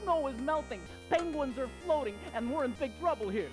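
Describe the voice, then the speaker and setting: Frantic caller, very high voice, hurried, pleading, video game voice. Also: female voice, animated. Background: game music.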